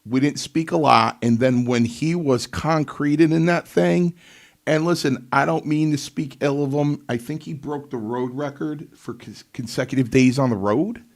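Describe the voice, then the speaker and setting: A man's voice: on the high side, moderate pace. A middle-aged man, a podcast co-host, telling stories in a casual chat and acting out other people's lines. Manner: animated anecdote-telling, mimics others. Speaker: co-host, former wrestler.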